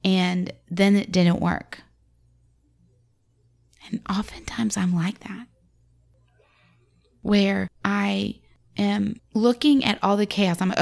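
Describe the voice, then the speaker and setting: A woman in her forties speaks to other mothers about faith in a friendly, conversational way. Her voice has a gravelly edge, and she brings the quoted lines to life as she talks. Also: mid-range voice, slow pace, long pauses. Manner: conversational and expressive, acting out quotes. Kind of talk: devotional talk on scripture.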